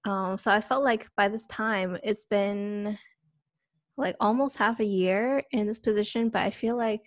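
A woman's voice: mid-range voice, measured pace, no room sound, clean studio sound. A young woman hosting a podcast, talking hesitantly with many fillers and self-corrections. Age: young adult. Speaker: podcast host. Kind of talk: casual podcast chat.

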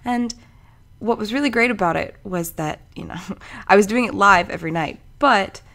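A woman's voice: mid-range voice, brisk, creaky, fairly bright tone. A woman in her twenties from Maryland, a voice actor chatting casually about herself in a vlog introduction. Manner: chatty, playful, often slips into put-on voices.

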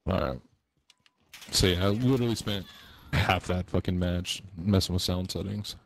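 A man with a very low voice that has a gravelly edge trades relaxed banter during an online match. He teases his friends with dry jokes and talks gear between rounds. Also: moderate pace, slight background noise. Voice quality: deep voice. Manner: joking, laid-back banter. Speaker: teammate in voice chat. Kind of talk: casual gaming chat.

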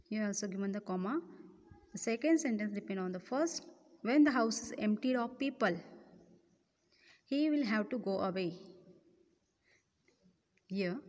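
Woman teacher, patient step-by-step lesson delivery, higher voice, reverberant room. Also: darkish tone. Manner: explains step by step, many restarts and self-corrections. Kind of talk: grammar lesson explanation.

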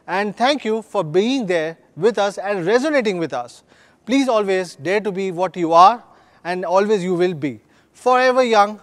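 A man, a company executive delivering an earnest, upbeat scripted keynote at a product launch. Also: high voice.

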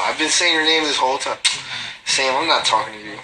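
Background noise runs under this phone livestream, where a reality TV personality from a Guatemalan family reads viewer comments and responds in slangy, profane banter. He has a mid-range voice and talks fairly fast.

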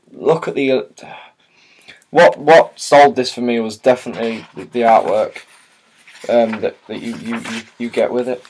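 A man's voice: mid-range voice, darkish tone, a little hiss or hum. A man chatting casually and hesitantly as he unboxes and shows a new book, with many fillers and restarts. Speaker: vlogger.

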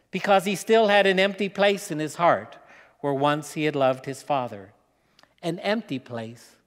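Preacher guy telling a story real slow and dramatic, echoey church hall. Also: fairly high pitch. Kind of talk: sermon storytelling. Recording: long hall reverb.

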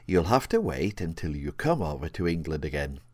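A man's voice: extremely low pitch, big pitch swings, brisk, a little mellow, no room sound, full character voice. A man voicing a doting elderly grandmother in a storybook reading.

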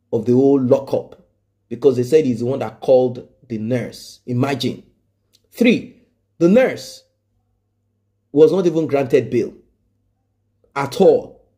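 A man's voice: mid-range voice, warm tone. A man giving emphatic news commentary, stressing points by repeating them and asking rhetorical questions.

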